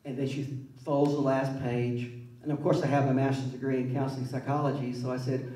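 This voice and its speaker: A man's voice: medium pitch, a little fast. A man, telling wry personal stories at a public talk and acting out the voices in them. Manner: wry, animated, acts out voices in his stories. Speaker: author speaking at a public event. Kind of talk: personal storytelling. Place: museum event space. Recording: roomy hall, mic at a distance.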